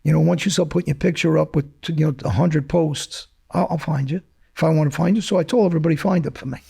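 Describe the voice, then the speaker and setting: Gruff gravelly-voiced man, combative. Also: fairly high pitch, quick pace, dark tone. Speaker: interview guest, former mobster. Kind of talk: blunt conversational interview.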